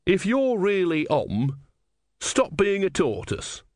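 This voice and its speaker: A man's voice: high voice, huge pitch swings, slow pace, darkish tone, no echo, clean studio sound, voice pushed up, exaggerated voice. A man voicing a naive, pious young male novice monk, speaking earnestly and a little hesitantly.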